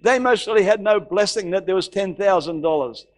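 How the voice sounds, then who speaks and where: With a high-sitting voice at a moderate pace, a middle-aged pastor from Australia delivers a sermon. He narrates a story animatedly, performing the people's voices and repeating phrases.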